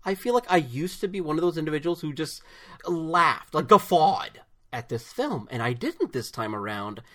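A man co-hosting a podcast in casual chat, animated and giggly as he retells comedy. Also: on the high side, normal speed. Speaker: podcast co-host. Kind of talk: casual chat about films.

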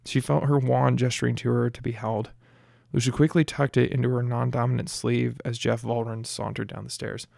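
Gravelly man narrating a story. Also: medium pitch, level tone, fairly quick, a little mellow, no room sound, studio quality. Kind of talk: audiobook narration.

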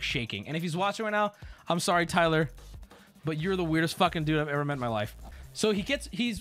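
A man in his thirties telling a rambling story as a streamer in casual chat, animated and profane. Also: sits high. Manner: rambling, animated, swears, acts out quotes.

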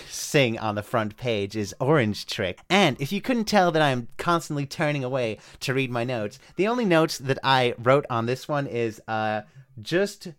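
Rambling podcast co-host, smooth voice. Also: male voice, mid-range voice, a bit bright. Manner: rambling, many restarts and chuckles. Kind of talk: casual chat reviewing front-page submissions.

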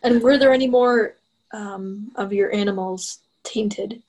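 A woman playing a tabletop game, asking questions with quick restarts. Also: mid-range voice, darkish tone, poor audio. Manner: inquisitive, stumbling restarts. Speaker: player.

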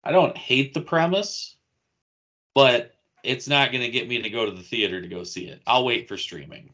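A man with a bright, sharp-edged voice riffs on movie trailers with his friends. He is sardonic and casual and swears freely. His pitch is ordinary. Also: normal speed. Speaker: podcast co-host. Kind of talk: casual group chat about movies.

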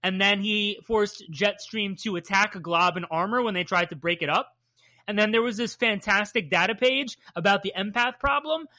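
A podcast co-host in casual chat about comics, measured and candid, with a playfully sarcastic streak. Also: medium pitch, bright, forceful tone.

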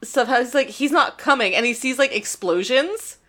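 Woman, casual chat, fairly high voice, bright, animated swearing. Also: brisk. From New York area. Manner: animated, swears freely, restarts sentences. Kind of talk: casual chat recapping an anime.

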